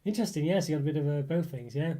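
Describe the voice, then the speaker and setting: A man's voice: a little high, lively intonation, rapid-fire, mellow. A man hosting a live stream, reading viewer comments aloud and musing on them in a casual chat full of fillers. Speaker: livestream host reading chat.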